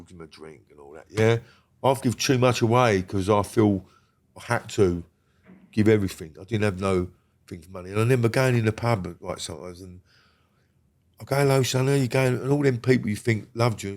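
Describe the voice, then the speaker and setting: Interview guest: man, lowish voice, blunt and rambling storyteller who swears freely. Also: fairly quick. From Britain. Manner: blunt, rambling, heavy swearing, checks in with the listener. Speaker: guest recounting a criminal past. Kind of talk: casual storytelling conversation.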